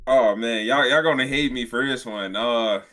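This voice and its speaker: Bright-voiced young man, laid-back guest. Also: medium pitch, normal speed. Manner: laid-back, slangy, repeats himself. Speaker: podcast guest. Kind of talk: casual podcast chat.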